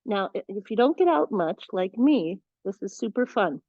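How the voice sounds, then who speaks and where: A woman's voice: mid-range voice, big pitch swings, moderate pace, no room sound, muffled recording. A woman leading a live yoga class, chatty and encouraging, with playful asides. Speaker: yoga teacher.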